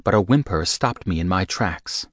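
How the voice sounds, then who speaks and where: A man giving a measured, steady first-person audiobook narration. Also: sits low, breathy edge, no room sound, studio quality.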